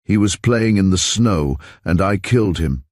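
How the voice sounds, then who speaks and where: A man's voice: deep voice, expressive, normal speed, darkish tone, no echo, studio quality. A man voicing a gloomy young man who talks in a wry, self-mocking way.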